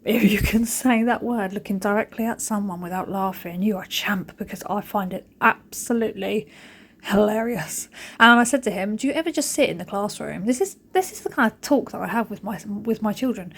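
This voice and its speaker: A woman's voice: medium pitch, a little fast, breathy edge. A woman in her thirties, a mother and vlogger, chatting cheekily and telling jokey stories while she cleans the house. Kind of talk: casual chat over cleaning footage.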